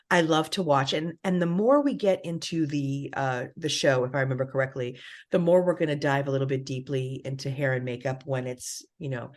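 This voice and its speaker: A middle-aged woman co-hosting a podcast in casual chat, candid and animated, swearing freely. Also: deep voice. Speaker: podcast co-host.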